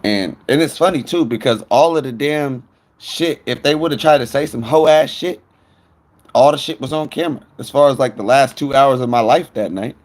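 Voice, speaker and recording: A man's voice: mid-range voice, moderate pace. A man telling a rambling, profane story to viewers on his phone stream.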